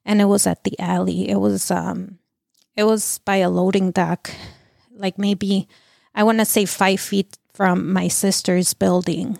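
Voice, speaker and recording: Halting middle-aged woman, gravelly voice. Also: mid-range voice, flat delivery, a little mellow, dry recording, studio quality. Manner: halting, many restarts and "like" fillers. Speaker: guest. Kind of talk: emotional personal testimony.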